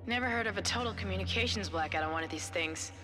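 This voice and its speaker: Actress voicing a blunt sci-fi engineer. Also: female voice, medium pitch, fast, close to an everyday voice. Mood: matter-of-fact. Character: sharp-tongued woman systems engineer, skeptical. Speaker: ship engineer. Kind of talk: video game voice acting.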